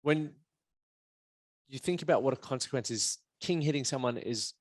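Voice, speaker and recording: A man hosting a casual podcast, speaking frankly and swearing with ease. His voice sits at a middle pitch, recorded dry and close with no room echo. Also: moderate pace. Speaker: podcast host, men's performance coach.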